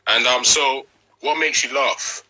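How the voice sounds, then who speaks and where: A man's voice: medium pitch, steady tone, unhurried, sharp tone, low-quality recording. A man hosting a casual interview show, enthusiastic and slangy, often restarting his sentences. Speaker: host.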